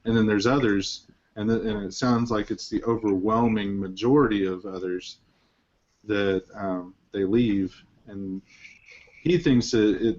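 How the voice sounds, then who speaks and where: A man's voice: fairly low pitch, steady tone, a little slow, darkish tone. A man hosting a casual film discussion, rambling with lots of fillers and restarts. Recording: dull lo-fi recording.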